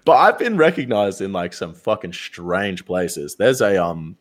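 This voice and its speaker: Young streamer, slightly low voice, casual animated storytelling with plenty of swearing. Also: male voice, measured pace. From Australia. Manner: animated, swears a lot, acts out quoted voices.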